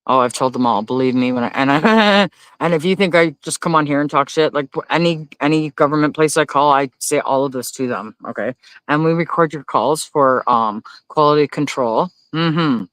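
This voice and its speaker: A man hosting a casual livestream, reading viewer comments aloud. He talks in a blunt, profane rant and breaks into loud, high-pitched disbelief. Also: a little fast, few pauses, clean tone, dry recording. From Canada. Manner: loudly incredulous, rises to high exclaims. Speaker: livestream host.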